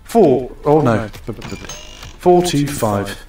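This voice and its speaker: Young man, gaming streamer, playfully bossy, slow talker, roomy echo, far from the mic. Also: fairly high pitch, animated, dark tone. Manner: chatty, playfully bossy with game customers. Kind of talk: casual live-stream commentary.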